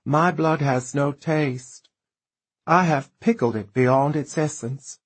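A man voicing an aging flamboyant male writer, drunk and wistful, with a husky, pitched-up, fluttery delivery. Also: slow pace. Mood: wry. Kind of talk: audiobook character voice.

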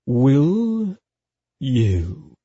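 Male reader doing a rich, unflappable man, low-key and wry, unhurried and mellow, slightly dull recording. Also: slightly rough, no echo. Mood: soft menace. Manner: soft, slow and understated. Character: wealthy, composed, dryly teasing man.

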